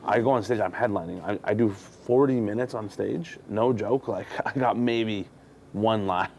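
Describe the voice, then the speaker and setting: A man's voice: on the low side, moderate pace, gravelly, slight background noise. A man, a touring comedian, telling candid, profane stories in casual chat as a podcast guest. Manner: candid, profane, animated storytelling. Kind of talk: casual storytelling.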